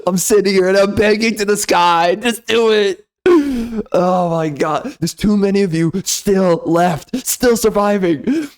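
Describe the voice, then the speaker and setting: A man delivering a loud, sneering, profane comedy rant as a game reviewer. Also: high voice, measured pace. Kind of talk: ranting comedy commentary.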